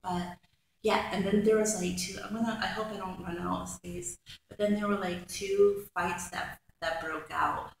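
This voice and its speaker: A woman's voice: medium pitch, fairly even intonation, normal speed, vocal fry. A woman vlogger telling a story in a chatty, exasperated way, full of fillers. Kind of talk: casual storytime vlog. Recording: very echoey room with faint background noise.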